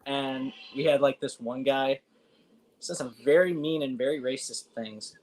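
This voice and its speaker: A woman's voice: a bass voice, lively intonation, a little slow, darkish tone, rough recording. A woman chatting casually over a video call during a movie watch-along, chatty and laughing with fond pop-culture asides.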